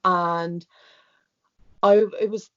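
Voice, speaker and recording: A young woman with an Irish accent, a student guest telling her own story in a candid interview, talking fast with lots of "like". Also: fairly low pitch, fairly even intonation. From Ireland. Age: young adult. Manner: fast, emotional storytelling with many "like"s. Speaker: student guest, former karate competitor. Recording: dull lo-fi sound.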